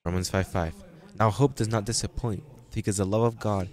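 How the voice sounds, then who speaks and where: Man, pastor, preaching a sermon, low voice, emphatic, repetitive, stumbling restarts. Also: steady tone, darkish tone. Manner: emphatic, repetitive preaching with quick pitch jumps and halting restarts.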